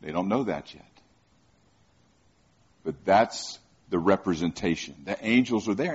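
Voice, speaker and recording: A man preaching in a husky voice, conversational and full of questions for the listeners. He often stumbles and repeats words. The recording sounds dull and lo-fi. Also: sits low, animated, unhurried, long pauses. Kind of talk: sermon.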